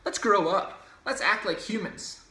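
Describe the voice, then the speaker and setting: A man's voice: sits high, unhurried, bright, forceful tone. A man hosting his own podcast, delivering an argumentative, emphatic solo opinion monologue. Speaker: podcast host. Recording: roomy echo.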